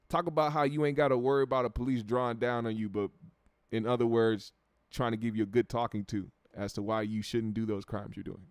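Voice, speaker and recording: A man's voice: medium pitch, flat delivery, fairly quick, clean tone, dry recording. An American man hosting a casual livestream, reading viewer comments aloud in a laid-back, profane way and repeating words while he thinks. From United States.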